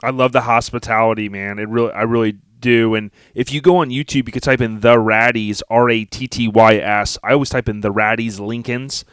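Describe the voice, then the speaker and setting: A man's voice: medium pitch, steady tone, brisk, few pauses, a bit bright, clean tone, no room sound, clean studio sound. Enthusiastic slangy male podcast host. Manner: enthusiastic, slangy, calls guest dude and man. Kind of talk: casual podcast conversation.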